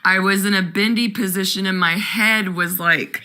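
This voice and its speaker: A woman's voice: mid-range voice, steady tone, normal speed, sharp tone. A woman co-hosting a call-in podcast, chatting casually with callers in a candid, crude, laughing way. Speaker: podcast co-host.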